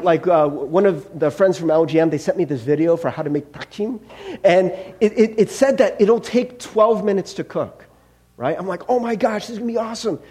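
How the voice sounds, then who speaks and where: A man's voice: high-pitched, darkish tone. A middle-aged male pastor giving a casual, conversational sermon, chatty and self-deprecating, with lots of fillers and rhetorical "right?" checks.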